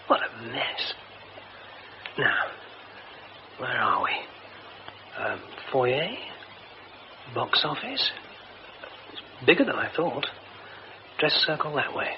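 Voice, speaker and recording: An actor playing an excitable young playwright in a radio drama, talking to himself in exclamations. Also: male voice, mid-range voice. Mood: wondering. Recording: dull old radio recording with clear hiss.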